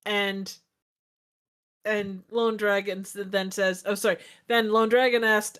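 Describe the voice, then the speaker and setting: A woman's voice: mid-range voice, little pitch movement, takes it slowly, a bit bright, smooth. A woman moderating a livestream, reading viewer comments aloud, laughing and apologizing in casual chat. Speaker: stream moderator.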